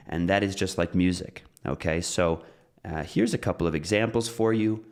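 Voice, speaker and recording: Deep-voiced man teaching pronunciation. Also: normal speed, faint music behind. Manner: relaxed, explains with examples and repeats phrases. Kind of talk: casual spoken lesson.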